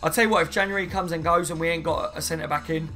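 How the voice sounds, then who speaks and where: A man's voice: on the high side, steady tone, very fast, sharp tone, faint music behind. A man chatting casually on a live stream, rambling and reading viewer comments aloud, saying "mate" and "you know what I mean" often. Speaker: football fan streamer.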